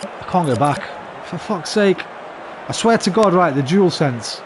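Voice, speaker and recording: A man with a high-sitting voice and lively intonation keeps a measured pace as he streams a football management game. He chats with viewers, swears when things go wrong, and flares into frustrated outbursts, while the background stays noisy.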